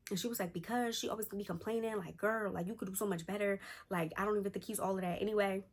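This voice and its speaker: Woman, vlogger, casual storytime, chatty, animated, slangy, mid-pitched voice. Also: fast talker. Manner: chatty and animated, slangy, talks straight to viewers. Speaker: vlogger telling a personal story.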